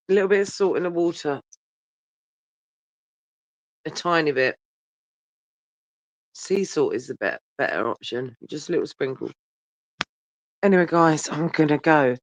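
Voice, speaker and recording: On a livestream, a man who's tired and yawning chats casually with viewers, rambling and cursing with the phone held very close. He sounds on the high side and fairly bright; the phone recording is dull, lo-fi and dry, without echo.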